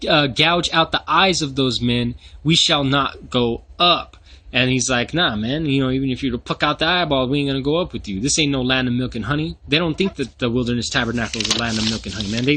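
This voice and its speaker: A man's voice: mid-range voice, sharp tone. A man with a New Mexico accent reads scripture aloud and breaks in with slangy, profane, mocking asides. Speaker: scripture teacher. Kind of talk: casual scripture teaching.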